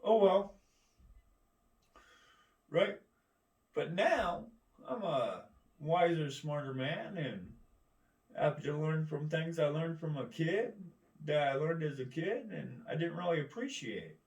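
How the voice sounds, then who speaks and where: Brief: man, rambling profane rant, combative, slightly high voice, distant mic in an echoey room. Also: animated, slow, pauses often, darkish tone. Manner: heavy swearing, keeps asking "right?".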